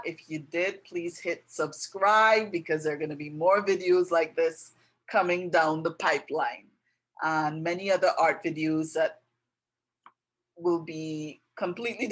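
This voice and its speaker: A woman giving a casual drawing tutorial, gently narrating each step as she draws. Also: on the low side, rough recording. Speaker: art tutor. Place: indoors with passing road traffic.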